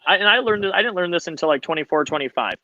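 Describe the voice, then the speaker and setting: Bright, hesitant man on a podcast. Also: sits high, animated, very fast, no room sound, highs cut off. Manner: hesitant, many ums and restarts. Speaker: college baseball coach. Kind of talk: casual podcast chat.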